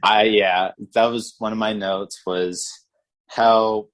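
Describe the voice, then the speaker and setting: A man's voice: fairly low pitch, steady tone, slow pace. A man co-hosting a podcast, chatting casually about a movie in a rambling way, with many restarts and "like". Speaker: podcast co-host. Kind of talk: casual movie review chat.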